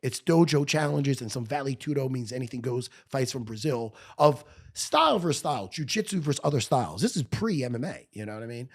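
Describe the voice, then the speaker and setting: A man's voice: medium pitch, lively intonation, brisk, hardly any pauses. A middle-aged man, telling a blunt, profane story as a guest in a podcast studio. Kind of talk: storytelling in conversation.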